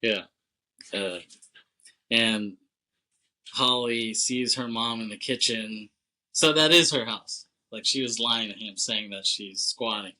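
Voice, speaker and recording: A man co-hosting a podcast, recapping a film plot in a loose, chatty way, full of "like", quick laughs and casual swearing. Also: lowish voice, bright, forceful tone, low-quality recording. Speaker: podcast co-host.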